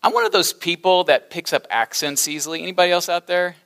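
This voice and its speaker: Bright high-voiced male pastor preaching. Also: fast talker, clear, resonant tone. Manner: animated, humorous asides with laughter. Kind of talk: sermon.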